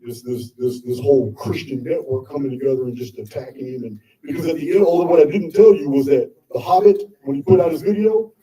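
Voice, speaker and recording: A man's voice: medium pitch, fast talker, few pauses, mellow, distant mic, rough recording. A man presenting live to an audience, talking bluntly and combatively with frequent swearing. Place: indoor meetup venue with audience.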